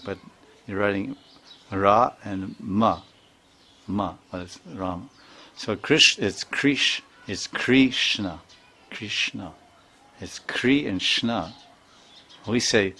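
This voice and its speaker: A man's voice: fairly low pitch, sharp tone. An older man giving an informal spiritual talk, chuckling often and repeating words as he sounds them out. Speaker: spiritual teacher.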